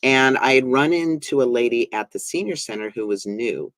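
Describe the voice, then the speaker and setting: A man's voice: mid-range voice, expressive, moderate pace, a bit bright, dry recording. Earnest man telling a story, dry sound. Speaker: host. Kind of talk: casual conversation.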